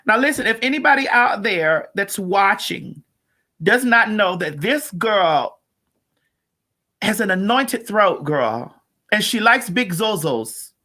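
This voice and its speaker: A host with a flamboyant, sassy manner, hyping up guests on a live-streamed comedic talk show over a video call. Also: female voice, medium pitch, expressive, takes it slowly, bright, forceful tone. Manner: flamboyant, sassy, hype introductions.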